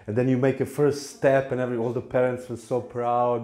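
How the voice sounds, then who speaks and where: A man's voice: mid-range voice, little pitch movement, a little fast, darkish tone. A man gives a lecture on scripture in a temple hall, telling stories playfully and acting out small voices. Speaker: spiritual teacher. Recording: echoey room.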